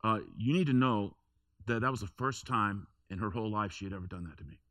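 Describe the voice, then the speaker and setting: A man with a bright, forward, fairly low voice preaches to his congregation. He talks like he is telling a story to friends and repeats lines for emphasis. The sound is close and dry. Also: fast, no echo. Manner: conversational storytelling, emphatic repetitions. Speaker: pastor. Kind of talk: sermon. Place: church.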